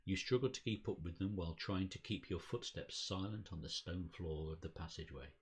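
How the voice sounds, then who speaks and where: Deep, husky man reading aloud. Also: a little fast. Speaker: podcast co-host reading a card game scenario. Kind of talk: reading scenario text aloud.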